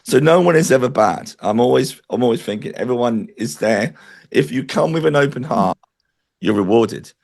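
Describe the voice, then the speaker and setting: A man's voice: mid-range voice, lively intonation, moderate pace, creaky, darkish tone. A man interviewed as a spiritual medium, talking in an earnest, chatty way and telling stories. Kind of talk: interview conversation.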